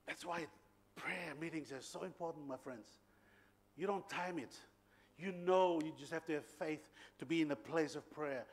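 Male preacher, high voice, animated storyteller, laughs a lot. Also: moderate pace. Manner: animated, laughing storyteller with bursts of loud emphasis. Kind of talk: sermon storytelling.

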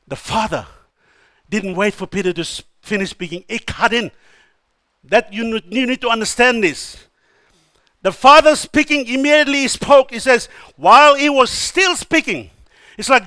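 A man preaching a sermon, emphatic and exhorting, who often calls out hallelujah and swings between soft asides and loud declarations. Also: very high voice, no echo.

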